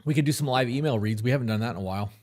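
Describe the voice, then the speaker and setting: A man's voice: medium pitch, racing, darkish tone. A man co-hosting a casual live podcast, rambling with plenty of fillers and restarts. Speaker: podcast co-host. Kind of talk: casual live-stream chat.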